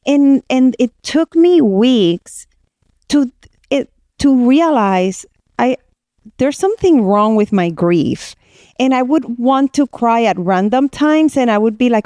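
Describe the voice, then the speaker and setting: Podcast co-host: a woman psychiatrist from Puerto Rico, mellow and smooth, candid, talks it through as she goes. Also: on the high side, measured pace, no echo, clean studio sound. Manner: candid, animated storytelling with many restarts. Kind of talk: casual podcast conversation.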